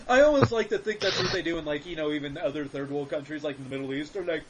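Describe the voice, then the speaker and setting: A man's voice: fairly high pitch, lively intonation, brisk, background noise. A man hosting a casual podcast chat, joking and swearing, slipping into mocking voices. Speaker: podcast host.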